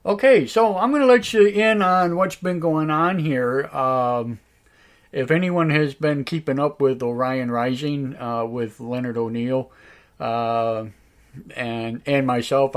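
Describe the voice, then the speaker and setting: Raspy guy hosting his live show, slow and halting, lots of uhs, mid pitch. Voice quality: raspy tonight. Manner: halting, full of "uh" fillers and restarts; slow, drawn-out talk. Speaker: radio show host. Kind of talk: casual live-stream talk.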